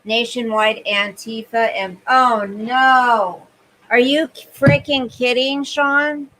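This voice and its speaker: Woman, high-pitched, slow, hot and sweaty, casual stream chat, answering comments. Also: fairly even intonation, sharp tone, rough recording. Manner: chatty, reads viewer comments aloud and answers them. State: overheated and sweaty. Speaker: livestream host.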